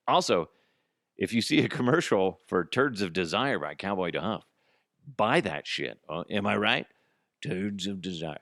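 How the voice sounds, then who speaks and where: A man hosts a solo comedy podcast, ranting with lots of profanity. His pitch swings widely as he riffs, and the sound is dry and close, with no room around it. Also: unhurried, vocal fry, long pauses, no room sound. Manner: animated, profane, acts out both sides of a dialogue. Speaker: podcast host.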